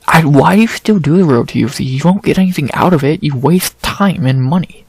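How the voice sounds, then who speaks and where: A man's voice: on the high side, animated, normal speed, creaky, a little mellow, husky, no room sound. A man ranting and swearing through a casual recap of a fight, stammering and restarting as he goes, exasperated. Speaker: MMA recap host.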